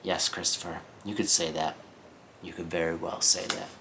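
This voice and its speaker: A stern, weary middle-aged father with a low, deep voice, as a male reader gives him his lines. He speaks in short, clipped, exasperated bursts, quick to lose his temper. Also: flat delivery, vocal fry, background noise.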